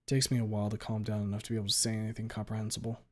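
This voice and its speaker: A man streaming himself reading a fan fiction aloud in an emotional first-person style, rushing some passages and stretching others out. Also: fairly low pitch, monotone. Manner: emotional, pace swinging between rushed and drawn out.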